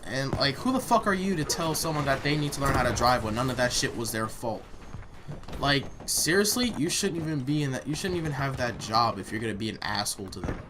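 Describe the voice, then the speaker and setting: A man's voice: medium pitch, lively intonation, fairly quick. Young man, casual storytime vlogger, blunt and profane, home recording with noticeable noise. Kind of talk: casual storytime while gaming.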